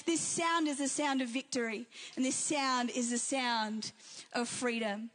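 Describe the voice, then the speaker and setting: A woman's voice: sits high, fairly even intonation, a little slow, fairly bright tone, faint music behind. A woman preaching a fervent sermon in a church, building repeated phrases with rising intensity. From Australia and New Zealand. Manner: fervent, repetitive preaching cadence.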